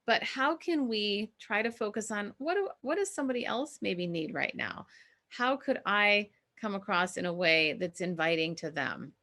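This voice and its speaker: A middle-aged woman from Minnesota, a communication coach teaching an online class in an energetic, emphatic and encouraging way. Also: medium pitch, moderate pace.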